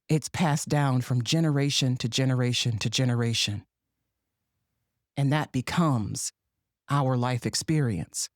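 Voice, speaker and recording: A woman's voice: a bass voice, no echo, studio quality. A woman hosting a commentary monologue, sassy and sarcastic in her delivery. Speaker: podcast host.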